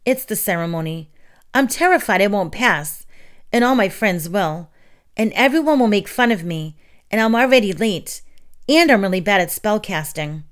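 A woman's voice: medium pitch, lively intonation, moderate pace, lightly acted. A woman voicing an eleven-year-old girl witch who is anxious and complaining.

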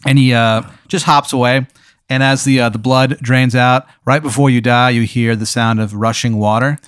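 A man with a smooth, resonant voice narrates a ridiculous hypothetical in a calm, deadpan way. He sounds close and dry, with no room around him. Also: moderate pace, no echo. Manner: deadpan, low-key narration with chuckles. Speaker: podcast host posing hypotheticals. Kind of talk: improvised comedic storytelling.

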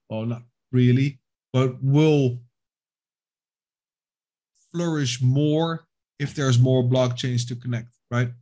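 A man's voice: mid-range voice, a little mellow. A man co-hosting a casual crypto podcast, rambling with many fillers and restarts and reading from articles. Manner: reads quotes aloud from an article. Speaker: podcast co-host.

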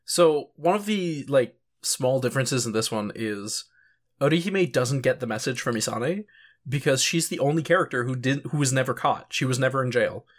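A man's voice: medium pitch, expressive, normal speed. A man co-hosting a casual podcast chat, rambling with lots of filler words, swearing and chuckling as he goes. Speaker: podcast co-host.

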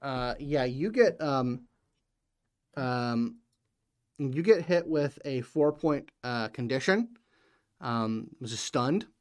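A man running a tabletop game who narrates the scene in halting stretches. He leans heavily on fillers and restarts. His voice is smooth and resonant at an ordinary pitch. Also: animated. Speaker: game master.

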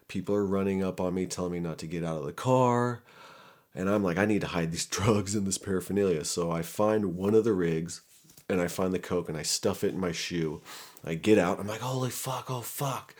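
Deep-voiced man telling a raw, profane story. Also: darkish tone. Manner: profane, candid, laughs at his own past. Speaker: storyteller recounting his past. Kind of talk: casual personal storytelling.

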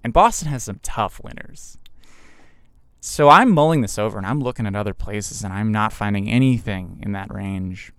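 A man's voice: lowish voice, moderate pace, a bit bright, clean tone, no echo, studio quality. A man telling a personal story in a casual, conversational way, with fillers and restarts.

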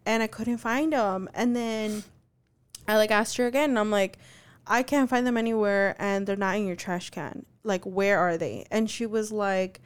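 Young woman, podcast co-host, casual storytelling, smooth clear voice, swears freely. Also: medium pitch, fairly even intonation, normal speed. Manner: chatty, full of "like" fillers, swears freely.

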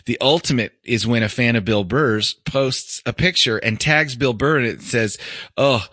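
A man's voice: medium pitch, normal speed, sharp tone, no room sound, clean studio sound. A middle-aged man co-hosting a podcast, telling a story in casual, profane chat and laughing often. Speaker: podcast co-host.

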